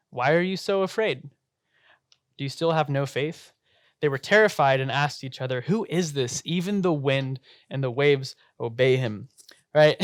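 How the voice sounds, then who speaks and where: A man's voice: medium pitch, clear, resonant tone, no room sound, clean studio sound. Chatty young man retelling a story. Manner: chatty, filler-heavy retelling with frequent laughs. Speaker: Bible study teacher. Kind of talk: casual Bible study talk.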